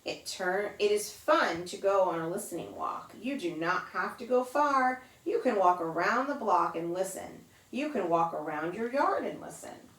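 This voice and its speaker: A woman who teaches yoga to children reads a picture book aloud to them, mimicking sounds in a high, playful voice. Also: lively intonation, normal speed, few pauses, fairly bright tone, recorded from a distance. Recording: roomy echo, voice off-mic.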